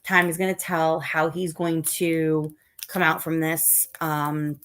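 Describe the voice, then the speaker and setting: A tired woman in middle age, chatting casually on a live stream with a rather low voice. She rambles from topic to topic and stops to answer the chat. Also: flat delivery, takes it slowly, fairly bright tone, a little hiss or hum. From Northeast United States. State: tired, yawning. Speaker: livestream host.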